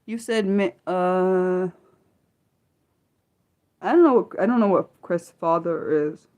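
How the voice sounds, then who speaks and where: A young woman from the United States hosting a casual livestream, chatting with viewers in an excitable, disbelieving way with many stumbling restarts. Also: lowish voice, takes it slowly. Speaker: livestream host. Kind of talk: casual livestream chat reading viewer comments.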